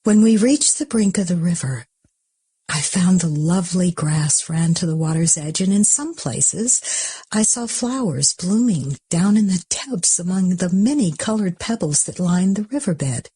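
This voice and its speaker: A woman reading an audiobook in a soft, slow, often half-whispered way. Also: lowish voice, lively intonation, slightly rough, no echo. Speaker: audiobook narrator.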